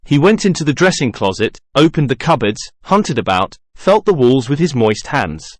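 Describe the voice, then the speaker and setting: A man's voice: mid-range voice, very animated, normal speed, dry recording, clean studio sound. Man reading a classic novel aloud. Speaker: audiobook narrator. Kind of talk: scripted narration.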